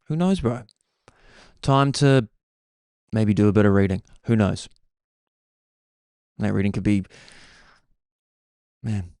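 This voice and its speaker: A man's voice: lowish voice, a little mellow, smooth, no echo, studio quality. A young man hosting a podcast, talking in a laid-back, meandering way and dropping "bro" often. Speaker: podcast host. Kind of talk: casual rambling monologue.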